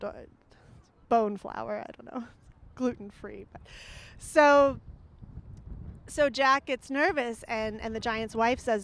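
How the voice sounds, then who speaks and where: A woman retells a fairy tale with animated delivery and offhand jokes. Her voice sits a little high and stays casual throughout. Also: takes it slowly, long pauses. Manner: animated, jokey asides. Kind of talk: comic storytelling.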